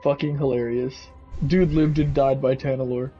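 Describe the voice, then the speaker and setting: A young man telling a rambling, animated story in a casual, swearing way while playing a game. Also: mid-range voice, normal speed, faint music behind. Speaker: gaming video host. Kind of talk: casual storytelling over gameplay. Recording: slightly muffled, faint background noise.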